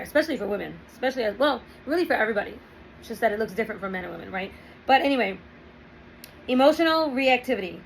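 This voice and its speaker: A woman's voice: mid-range voice, a little hiss or hum, low-quality recording. A woman talking through relationship advice in a casual monologue, often checking in with "right?" and "okay".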